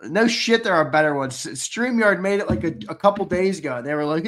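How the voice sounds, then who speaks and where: A man's voice: fairly high pitch, animated, fairly quick, hardly any pauses, a bit bright. A man hosting a sports live stream, bantering casually, laughing often and reading viewer comments aloud. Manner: laughing, playful, reads chat aloud. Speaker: podcast host.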